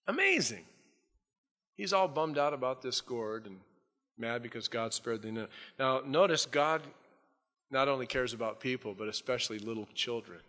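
Bright-voiced preacher in a reverberant hall. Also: male voice, mid-range voice, normal speed. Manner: animated storytelling, acting out biblical scenes. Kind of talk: sermon.

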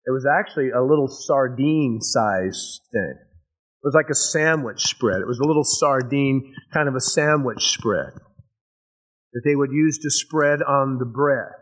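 A man's voice: mid-range voice, unhurried, a bit bright, poor audio. A man preaching a sermon in a casual storytelling way, explaining verses and acting out the scenes. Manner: acts out scenes with sound effects and voices. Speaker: pastor.

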